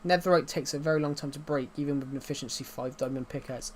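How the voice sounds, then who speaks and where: A man's voice: fairly high pitch, quick pace. A young man rambling through live gaming stream commentary, talking to himself and to chat as he plays. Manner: rambling, talks to himself and chat while playing. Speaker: gaming livestreamer.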